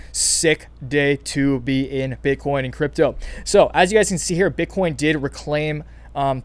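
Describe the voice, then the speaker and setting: A young man talks through crypto market moves in casual commentary. His voice sits a little high and stays keyed up, and he often restarts his sentences and keeps addressing viewers as "you guys". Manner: excited, hyped, many fillers and restarts, calls viewers "you guys". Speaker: crypto channel host.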